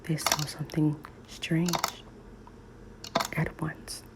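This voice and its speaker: A woman reading a children's story in soft ASMR whispers, over loud nail tapping clicks. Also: low-pitched, level tone, heavy background noise. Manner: soft, slow, soothing reading.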